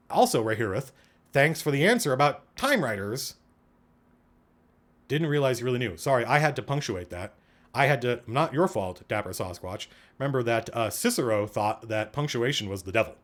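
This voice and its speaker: A man's voice: medium pitch, fairly quick. A man hosting a livestream, chatting casually and digressively as he answers questions from chat. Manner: animated, digressive, thinking aloud.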